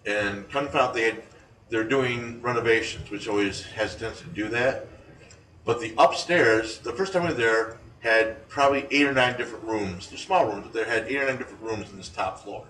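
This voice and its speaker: A man co-hosting a chat show about paranormal investigations, telling rambling, animated stories full of restarts. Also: on the low side, a little fast. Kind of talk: casual radio-style chat. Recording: echoey room, distant from mic, faint noise.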